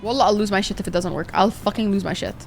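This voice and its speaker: A woman's voice: mid-range voice, fast, gravelly. A young woman streaming a video game, ranting dramatically and swearing in exasperation at it. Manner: profane, exasperated, dramatic rants. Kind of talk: let's-play livestream commentary. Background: faint game music.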